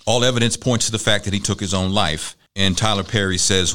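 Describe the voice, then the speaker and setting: A man's voice: on the low side, fairly even intonation, a little fast, few pauses, sharp tone. A man hosting a talk show, casually running through news and celebrity gossip with wry asides and laughs at his own jokes.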